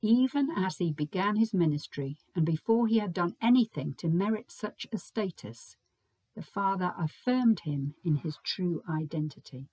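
A woman preaching a Sunday sermon in a measured, gentle and reflective way. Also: on the low side, animated, slightly rough, no echo. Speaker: preacher leading a Sunday service.

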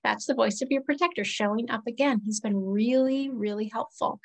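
Her pitch is fairly high, with vocal fry and a moderate pace. Speaking as a therapist in casual conversation, she reflects earnestly and quotes clients in lively voices, though the audio is poor.

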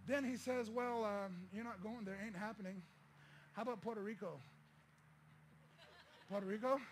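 A middle-aged man from the Philippines preaching a sermon as pastor, telling a personal story and swelling into shouted, pleading passages. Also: sits high, normal speed, a little hiss or hum.

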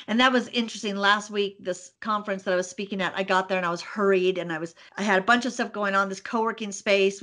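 Earnest woman guest, mid-pitched, reflective storyteller, quick to laugh. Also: sharp tone. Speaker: interview guest, business speaker.

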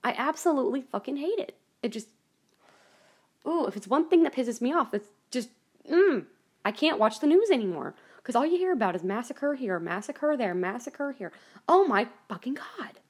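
A woman's voice: sits high, big pitch swings, normal speed, slightly rough. Woman ranting, swearing heavily. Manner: restarts and trailing asides. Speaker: podcast host. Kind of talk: personal monologue.

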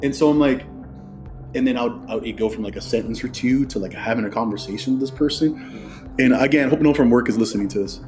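A man hosting a podcast, telling stories in casual chat and dropping into quick impressions. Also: medium pitch, over music. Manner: chatty storyteller, drops into quick impressions. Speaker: podcast host.

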